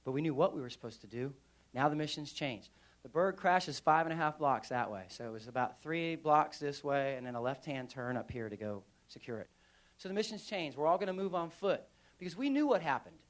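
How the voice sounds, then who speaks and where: A veteran man giving a live storytelling speech at a conference, animated and acting out scenes with sound effects. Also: a little high, fairly quick. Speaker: veteran speaker. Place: conference stage.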